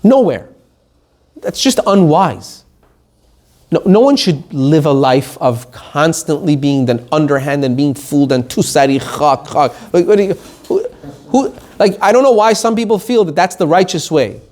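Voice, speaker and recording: Animated rabbi teaching Torah. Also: male voice, a little high, normal speed. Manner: animated, switches between Hebrew quotes and plain English. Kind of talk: Torah lesson.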